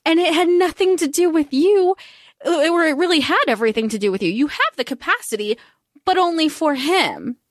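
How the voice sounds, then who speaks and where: Animated, swearing woman podcast co-host. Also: high voice, normal speed, no echo, clean studio sound. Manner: animated, laughs often, swears freely. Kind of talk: casual book discussion.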